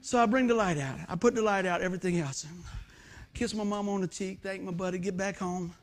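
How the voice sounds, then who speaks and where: A man's voice: sits high, fairly quick. A male preacher, telling a story in a sermon and acting out the quotes. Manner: animated storytelling with acted-out quotes.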